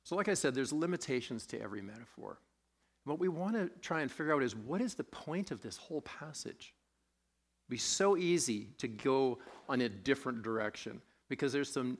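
A man preaching a sermon, conversational and self-deprecating, with a sore throat, asking his congregation questions as he goes. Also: mid-range voice. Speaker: pastor.

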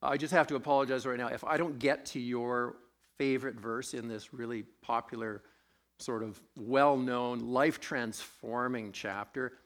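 A man's voice: medium pitch, fairly even intonation, moderate pace. A man preaching a sermon, conversational and self-deprecating, with a sore throat, asking his congregation questions as he goes. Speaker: pastor.

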